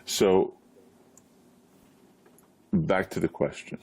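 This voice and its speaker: A man interviewing a guest, halting and searching for his words. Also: deep voice, fairly even intonation, darkish tone.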